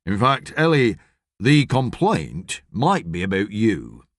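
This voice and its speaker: An actor reading an audiobook, playing a stolid middle-aged male police constable who speaks in a slow, measured, officious way. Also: lowish voice, huge pitch swings, no echo, studio quality, voice pushed down, exaggerated voice. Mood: formal, measured.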